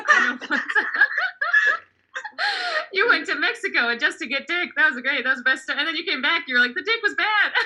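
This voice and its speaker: A woman's voice: high-pitched, sharp tone, poor audio. A young woman performing a stand-up comedy set over a video call, chatty and self-deprecating, often laughing at her own jokes.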